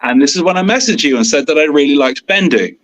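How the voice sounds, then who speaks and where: A man co-hosting a podcast in casual chat, excitable and rambling, with bursts of enthusiasm. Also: on the high side, quick pace, no room sound, poor audio. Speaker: podcast co-host.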